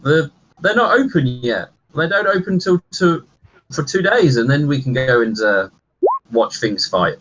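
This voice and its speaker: A man acting as game master, narrating a tabletop game in a halting way with many fillers. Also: medium pitch, sing-song, a bit bright, a little hiss or hum. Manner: hesitant, filler-heavy narration. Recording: dull lo-fi recording.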